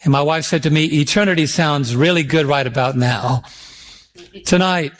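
A middle-aged man delivers a sermon in a notably high voice. He slows right down to draw out scripture verses with emphasis and prompts his listeners to respond. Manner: emphatic, drawn-out scripture reading; calls for audience responses. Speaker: preacher.

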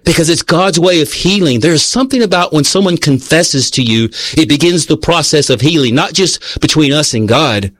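A man's voice: fairly high pitch, no room sound. A man preaching a sermon in an earnest, conversational way, telling a personal story and reading passages aloud.

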